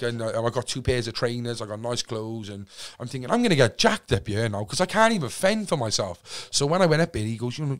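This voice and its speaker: Lively Cardiff man telling stories. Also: medium pitch. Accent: Welsh, Cardiff. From Wales. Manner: animated, acts out quotes, swears freely. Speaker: podcast guest. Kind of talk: casual storytelling.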